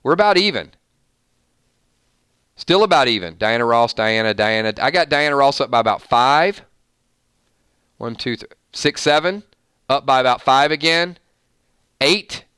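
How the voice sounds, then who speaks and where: Playful stream host, male, bright crisp voice, dry close mic. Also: medium pitch, unhurried, pauses often, no room sound. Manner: playful, animated, reading out votes. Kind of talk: live-stream music matchup chat.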